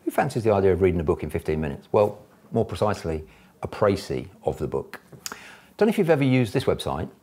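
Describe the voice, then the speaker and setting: A man's voice: deep voice, big pitch swings, fast, warm tone, slightly rough. A man, a business mentor, giving chatty, enthusiastic advice to camera. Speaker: property investor and business mentor.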